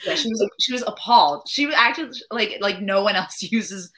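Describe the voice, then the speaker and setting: A woman's voice: medium pitch, animated, moderate pace, fairly bright tone. A woman in her twenties from New Jersey, a guest telling stories in casual chat, full of "like" and acted-out quotes. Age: 20s. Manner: chatty storyteller, lots of "like", acts out quotes. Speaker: podcast guest, pro soccer player.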